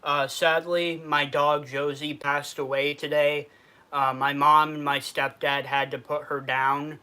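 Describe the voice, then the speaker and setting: A fairly high, clear and resonant voice with a sharp edge comes through at a measured pace and level tone. The man, a Western New Yorker with a New York accent, hosts a casual food review livestream, reading and answering viewer comments while sounding sad underneath.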